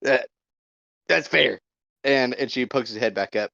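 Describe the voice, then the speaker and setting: A man with a very gravelly voice playing a tabletop game, tossing off his lines bluntly. His mic sounds dull and lo-fi, and the sound is dry. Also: mid-range voice, unhurried, bright, forceful tone, dry recording. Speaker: player. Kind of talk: casual tabletop play.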